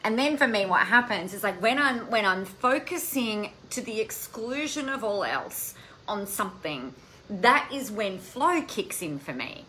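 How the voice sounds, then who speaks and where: A woman hosting a casual live stream, talking in an animated, chatty way and swearing now and then. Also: mid-range voice, measured pace, a little hiss or hum, rough recording. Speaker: coaching podcast host.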